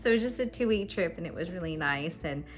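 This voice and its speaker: Chatty homeschool mom vlogger, lowish voice. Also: female voice, animated, fast. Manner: chatty, laughs often, many fillers. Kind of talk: casual chat to camera. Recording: faint music behind. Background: faint background music.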